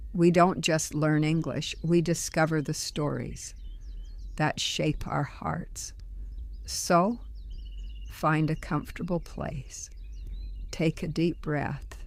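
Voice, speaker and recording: An older woman voicing a grandmother, telling a story in a gentle, soothing way. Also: deep voice, gravelly, dry recording. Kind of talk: slow scripted storytelling.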